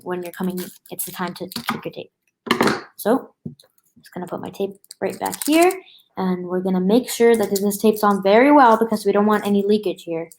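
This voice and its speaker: A woman's voice: mid-range voice, background noise. A woman hosting a craft tutorial at a table, talking casually through each step with many fillers and restarts. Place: indoors at a table.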